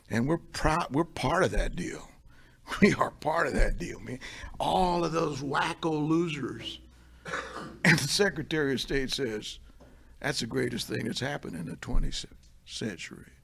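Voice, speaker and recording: A man giving a blunt, wisecracking motivational talk at a recovery meeting, swinging from low murmurs to loud emphatic bursts. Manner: blunt, wisecracking, street-talking.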